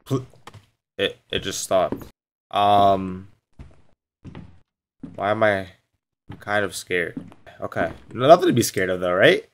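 A man's voice: sits low, sing-song, slow pace, long pauses, a little hiss or hum. Jumpy young man narrating a horror game. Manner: jumpy, shouting and muttering to himself. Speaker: gaming YouTuber. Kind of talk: horror game let's play commentary.

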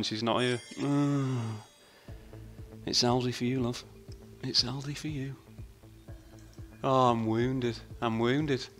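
A man commenting casually on his slot play. He swears freely, talks to himself and shouts at the game. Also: mid-range voice. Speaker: slot video host. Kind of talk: casual commentary while playing slots.

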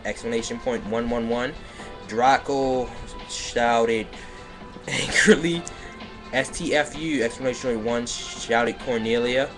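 A man giving a comedic dramatic reading of bad fan fiction in a deadpan way, breaking character to mock the text. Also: medium pitch, takes it slowly, over music. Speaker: comedic reader. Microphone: home microphone on a livestream.

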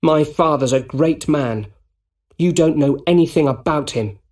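A man's voice: fairly high pitch, unhurried, a little mellow, voice pushed up. A man reading as an upset young man. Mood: defensive. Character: upset young man defending his father.

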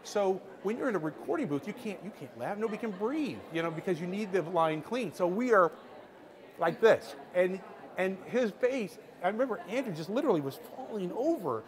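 A middle-aged man telling a lively behind-the-scenes story to a workshop audience, acting out what people said, with frequent restarts. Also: sits high, brisk. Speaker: screenwriter speaking to a workshop audience. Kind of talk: animated storytelling anecdote.

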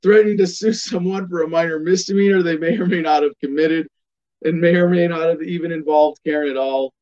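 A male commentator with a fairly high voice speaks in a sardonic, emphatic tone and delivers his opinions as a running monologue. The sound is dull and lo-fi. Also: fairly even intonation, brisk, a little mellow. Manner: sardonic, emphatic, reads text aloud. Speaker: host of a political commentary show.

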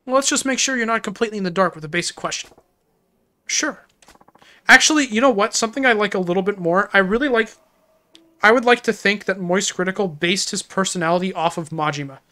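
A woman game streamer chats off the cuff with her audience, rambling from one thought to the next. She laughs easily and gets flustered, her voice sitting at a middling pitch. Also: quick pace, sharp tone. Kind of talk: casual livestream chat.

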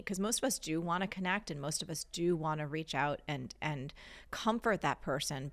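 Low-pitched woman hosting an interview, enthusiastic, asks long questions. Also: vocal fry. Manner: warm, enthusiastic praise. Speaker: host.

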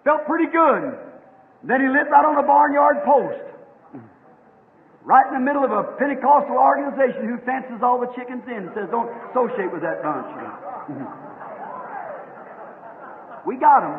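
A man preaches a fervent revival sermon in rhythmic waves that break into shouts. His voice sits very high for a man. The tinny, phone-like old tape carries a long echo through a large meeting hall. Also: lively intonation, normal speed.

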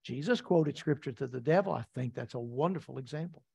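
A man's voice: mid-range voice, fairly quick, creaky, dark tone, breathy edge. A man preaching a sermon as pastor, emphatic and repetitive, asking the congregation rhetorical questions.

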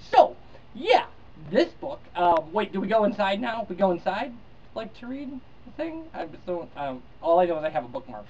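A man's voice: high voice, sing-song, normal speed, darkish tone, far from the mic. Chatty man reviewing a book, lo-fi. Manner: chatty, rambling, many fillers and restarts. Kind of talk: casual book review with read-aloud. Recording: dull lo-fi sound, slightly off-mic.

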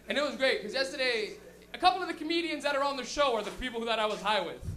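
A young man doing a loose, crude stand-up set on a comedy club stage with an animated storytelling manner. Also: very high voice, fast talker, slight background noise.

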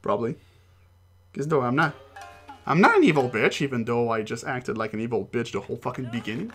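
A man's voice: mid-range voice, animated, fairly quick, a bit bright, soft background music. A man casually commenting while playing a video game, rambling, swearing and laughing often. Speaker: let's play host.

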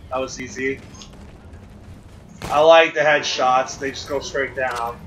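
A young man giving casual, profane, excitable commentary on his own gameplay, talking to viewers. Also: medium pitch, slow, slight background noise. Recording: loud game gunfire behind.

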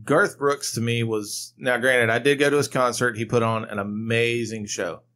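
A man's voice: medium pitch, flat delivery, normal speed, a bit bright. A man co-hosting a podcast, rambling through anecdotes in casual chat. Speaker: podcast co-host.

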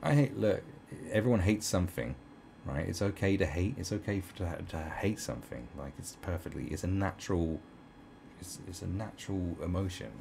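A man rants in rough, profane bursts, his low voice roughened by a gravelly fry. He swings his pitch widely, jumping up and dropping back as he rambles on. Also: lively intonation, moderate pace, a little mellow, slight background noise. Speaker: online commentator. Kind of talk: ranting commentary.

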